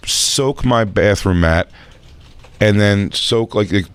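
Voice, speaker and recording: A man co-hosting a radio show, trading crude jokes and quick riffs in casual banter. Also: lowish voice, smooth, no echo.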